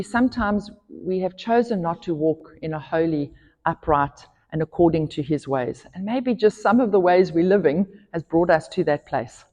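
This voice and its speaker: A woman pastor delivers an earnest sermon, her voice low-pitched and mellow. She grows emphatic on scripture, and a long church-hall reverb trails her words. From South Africa.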